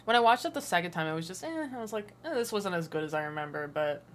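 Lower-voiced young woman chatting casually. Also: expressive, quick pace, hardly any pauses, a little hiss or hum. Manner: chatty, answering chat. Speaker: livestream host. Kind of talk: casual chat with viewers.

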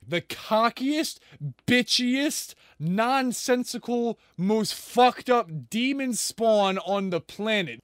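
A man's voice: sits high, a bit bright, dry recording, studio quality. A man ranting sarcastically and profanely as he reacts to a video. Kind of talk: ranting commentary.

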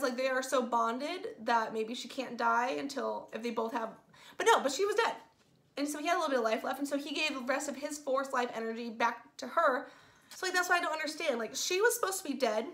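A woman giving a casual spoiler movie review, gushing and excitable, with "like" in nearly every sentence. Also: sits high, quick pace. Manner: gushing, excitable, says "like" constantly.

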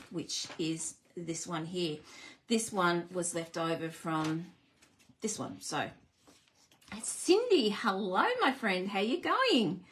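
An Australian woman hosting a live card-making demonstration, bubbly and chatty as she greets viewers and walks through each step. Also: mid-range voice. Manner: bubbly, chatty and easily excited.

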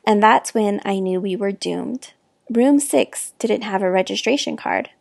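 A woman reading a children's novel aloud with expressive, clear narration. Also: medium pitch, unhurried, no echo, clean studio sound. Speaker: reader. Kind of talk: storybook read-aloud.

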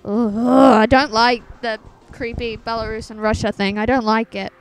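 A woman's voice: a little high, level tone, moderate pace, clear, resonant tone. Wry woman narrating a game. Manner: wry, chatty asides. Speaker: let's play host voicing characters. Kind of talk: game voice-over with commentary.

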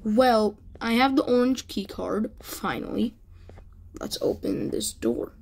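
A woman's voice: fairly high pitch, takes it slowly, gravelly, a little mellow, husky. A woman giving casual let's play commentary, exasperated and exclaiming as she complains about the game's controls. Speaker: gamer.

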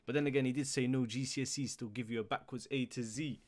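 Brief: young man, reaction host, mid-pitched, casual slang, hype outbursts. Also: steady tone, fast. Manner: slang-heavy, breaks into loud hyped outbursts.

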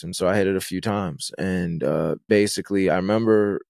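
Young man, lowish voice, dry close mic, rambling storyteller. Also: brisk, vocal fry, a little mellow, no echo. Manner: rambling, fillers and restarts, vivid retelling. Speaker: guest telling his story. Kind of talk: casual storytelling.

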